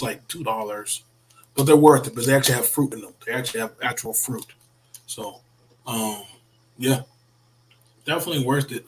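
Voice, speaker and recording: A man chatting casually to his viewers as a reaction video host, rambling and repeating words, his voice worn from yelling. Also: mid-range voice, slight background noise, poor audio. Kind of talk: casual morning livestream chat.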